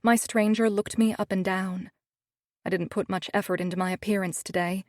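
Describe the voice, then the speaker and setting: A woman's voice: medium pitch, steady tone, normal speed, no echo. A woman narrating a first-person romance audiobook in a wry, snarky tone, on a studio microphone.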